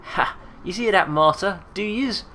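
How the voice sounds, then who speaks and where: A man's voice: high-pitched, a little slow, sharp tone, a little hiss or hum, pitched above the performer's own voice. A man voicing a sour old female corpse-robbing seamstress who mumbles to herself in a sing-song voice. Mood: muttering. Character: shrieking old female ghoulish seamstress, muttering.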